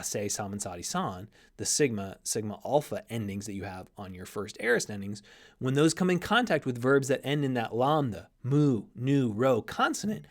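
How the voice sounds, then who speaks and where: Male teacher, mid pitch, explanatory, many restarts. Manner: explanatory, restarts often, spells out letters slowly. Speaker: Greek teacher. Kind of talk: recorded grammar lesson.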